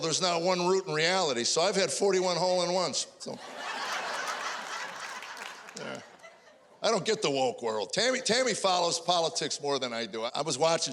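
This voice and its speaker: A man in his sixties performing a fast stand-up routine, telling stories and acting out his wife's lines. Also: fairly high pitch, a bit bright. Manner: rapid-fire storytelling, mimics wife in dialogue. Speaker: stand-up comedian. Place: comedy stage before a live audience. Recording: crowd laughter and faint noise.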